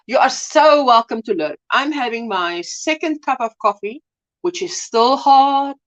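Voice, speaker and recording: A South African woman hosting a casual crochet livestream, chatty and gushing as she greets viewers. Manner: chatty, gushing, lively swings in pitch. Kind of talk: casual live chat.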